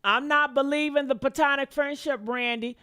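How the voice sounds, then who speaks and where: A woman hosting a celebrity gossip show, reading out statements and reacting bluntly with profane, sassy asides, swinging from low mutters to loud outbursts. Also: fairly even intonation, normal speed, dry recording. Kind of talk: casual commentary reading statements.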